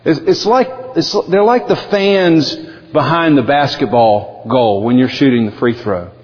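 A male pastor preaching a sermon in an emphatic, animated way. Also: medium pitch, unhurried. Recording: dull lo-fi audio with long hall reverb.

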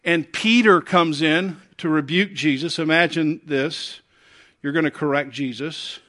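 A man's voice: fairly high pitch, unhurried. Dynamic Southern-accented male preacher. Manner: dynamic delivery, swinging between loud urgent calls and soft hushed appeals. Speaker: pastor. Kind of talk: sermon.

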